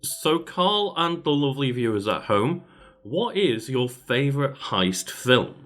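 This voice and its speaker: A man's voice: medium pitch, very animated, unhurried, fairly bright tone, a little hiss or hum. A man hosting a podcast, chatting casually in an amused way and often breaking into laughter. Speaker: podcast host. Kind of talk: casual chat.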